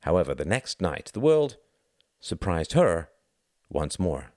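A man giving expressive scripted narration of a novel. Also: low voice, measured pace, no room sound, clean studio sound. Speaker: audiobook narrator.

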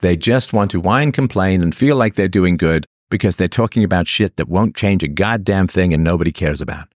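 A man's voice: deep voice, brisk, dry recording, studio quality. A man hosting a livestream, delivering an opinionated monologue to his chat in a sarcastic, mocking way. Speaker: livestream host.

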